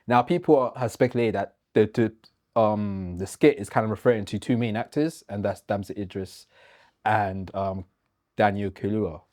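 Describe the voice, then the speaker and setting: A man co-hosting a casual chat about film and celebrity news, easygoing and quick with agreeing yeahs. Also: fairly low pitch, darkish tone. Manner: easygoing, lots of yeahs and restarts. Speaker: co-host.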